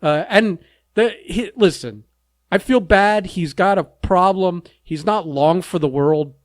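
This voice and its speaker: Podcast guy ranting, swears a lot, highish bouncy voice, dry close sound. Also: a little slow, no echo. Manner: blunt, profane ranting with frequent laughter. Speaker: podcast co-host. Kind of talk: casual podcast chat.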